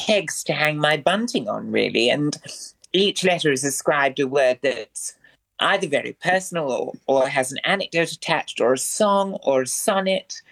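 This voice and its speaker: A male performer, appearing as a guest on a radio interview, talks in a florid, theatrical style packed with ornate, elaborate vocabulary. His voice is fairly high, expressive and somewhat bright with a gravelly edge, delivered at a moderate pace.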